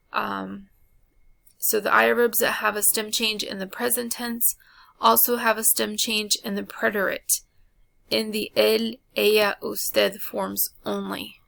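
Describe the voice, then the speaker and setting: Slow, flat-voiced woman teaching Spanish grammar. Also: mid-range voice, creaky, dry recording. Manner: slow, flat delivery with frequent ums and uhs. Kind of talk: recorded classroom lesson.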